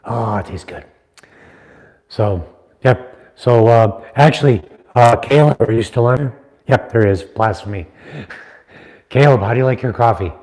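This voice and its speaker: A man's voice: mid-range voice, moderate pace, long pauses, a little mellow. A middle-aged man chatting casually and rambling with viewers on a livestream, teasing them. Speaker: livestream host, knife maker. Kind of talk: casual live chat with viewers.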